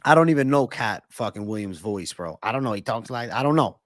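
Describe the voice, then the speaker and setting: A man's voice: mid-range voice, expressive, fairly bright tone, dry recording, clean studio sound. A young man with a Northeastern American accent hosting a casual livestream Q&A, swearing freely as he banters with chat. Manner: casual, profane, banters with chat between quick celebrity impressions. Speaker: livestream host.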